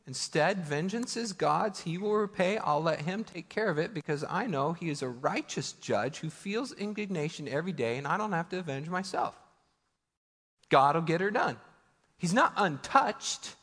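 Emphatic preacher, animated, hall reverb. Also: male voice, on the high side, normal speed, husky. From United States. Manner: conversational preaching with rhetorical questions, emphatic. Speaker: pastor. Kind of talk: sermon. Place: church sanctuary.

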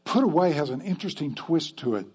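A man's voice: on the high side, animated, fast talker, darkish tone, breathy edge. A man preaching a sermon to his church in a conversational way, often checking in with the congregation with "okay?". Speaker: pastor.

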